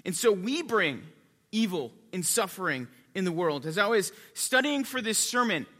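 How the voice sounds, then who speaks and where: A male pastor preaching a sermon, lively and jokey in his asides, quiet and reverent when he prays. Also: sits high, moderate pace. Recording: long reverb of a large hall.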